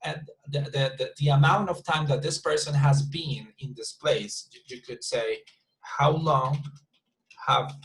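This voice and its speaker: A man's voice: medium pitch, moderate pace, few pauses, rough recording. A male English teacher, patiently explaining homework in an online class and often repeating words.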